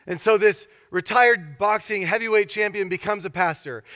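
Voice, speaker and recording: High-voiced preacher in a reverberant hall. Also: male voice, normal speed. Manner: animated storytelling, acts out characters. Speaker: pastor. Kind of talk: sermon.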